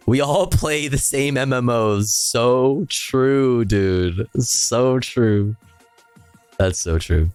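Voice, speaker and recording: A man's voice: medium pitch, extremely slow, darkish tone, clean tone, faint music behind. A man hosting a casual livestream, chatting with viewers, swearing offhandedly, trailing off and humming to himself. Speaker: livestream host. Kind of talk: casual stream chat, reading chat.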